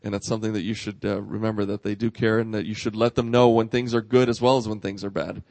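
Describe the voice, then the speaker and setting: A man earnestly recommending a service at a conference, speaking haltingly with restarts. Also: fairly low pitch, flat delivery, vocal fry, darkish tone, dry recording. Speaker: conference presenter.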